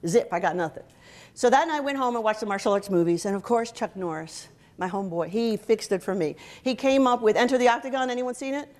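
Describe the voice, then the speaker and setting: A woman's voice: fairly high pitch, fast. A middle-aged woman giving a humorous workshop talk to soldiers, joking and drawing the audience in. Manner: lively, joking, audience-engaging. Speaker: motivational speaker. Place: event hall before a live audience.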